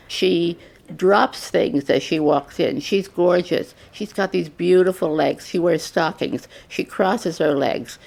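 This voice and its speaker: Gravelly-voiced woman telling a lively anecdote. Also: deep voice. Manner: vivid, animated storyteller. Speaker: interviewee, former student. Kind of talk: anecdotal storytelling.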